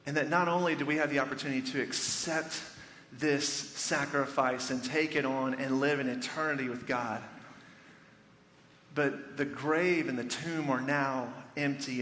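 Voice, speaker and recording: A man preaching a sermon as pastor, telling the story with animated excitement, in a church sanctuary. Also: mid-range voice, slight background noise. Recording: echoey church hall with reverb, faint ambience.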